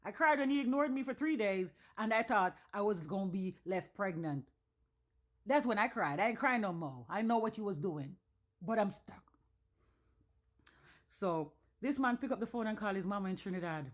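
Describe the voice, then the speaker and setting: A woman's voice: medium pitch, lively intonation, moderate pace. Blunt, profane woman telling a story. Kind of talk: casual storytelling.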